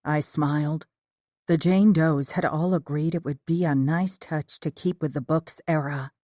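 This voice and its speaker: Woman reading an audiobook, even storyteller vibe, lowish voice, dry sound. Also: measured pace, no echo. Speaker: audiobook narrator. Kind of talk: first-person audiobook narration.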